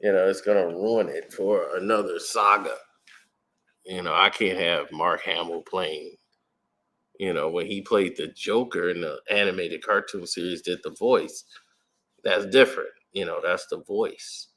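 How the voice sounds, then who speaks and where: A man with a very low, deep voice talks through a movie trailer in loose, conversational commentary. He speculates as he goes and leans on fillers and restarts. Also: steady tone, a little slow, sharp tone. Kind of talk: casual commentary.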